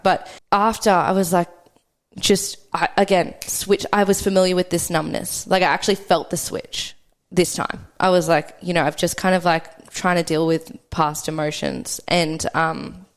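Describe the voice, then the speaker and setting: A woman's voice: lowish voice, fairly even intonation, clean tone. A young adult woman, a podcast guest, speaking candidly and conversationally about her own experience, often re-enacting what she and others said. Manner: quick, conversational, re-enacts past dialogue. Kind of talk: candid personal storytelling.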